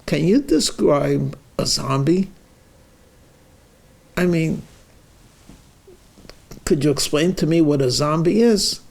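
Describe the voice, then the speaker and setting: A man voicing a patient psychiatrist who asks calm probing questions, in a told joke. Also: on the high side, slow pace, gravelly, long pauses, exaggerated voice. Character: patient middle-aged male psychiatrist.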